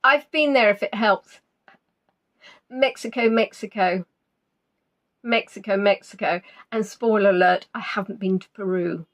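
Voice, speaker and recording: Pausing often and keeping a measured pace, this woman runs a live online quiz. She's chatty and teasing with the players, and her pitch swings widely as she announces their names and answers.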